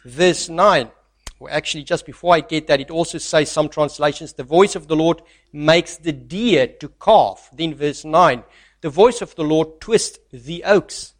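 A man with a fairly high-pitched voice preaches a sermon at a measured pace, reading scripture aloud. He swings between loud, stressed lines and soft, almost hushed asides.

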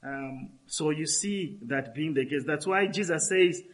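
A man's voice: on the high side, measured pace, rough recording. A man preaching a sermon, emphatic and repeating phrases for stress.

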